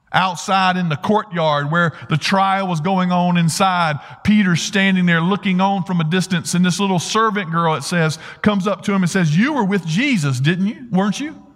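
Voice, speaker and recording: A man's voice: high-pitched, fairly bright tone. A man preaching a sermon, earnestly retelling a story and asking rhetorical questions. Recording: long hall reverb.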